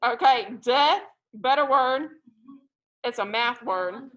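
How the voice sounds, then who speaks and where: Lively woman teaching math. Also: a little high, slow, highs cut off. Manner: lively, joking, tells stories to the class. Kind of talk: classroom teaching. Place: classroom.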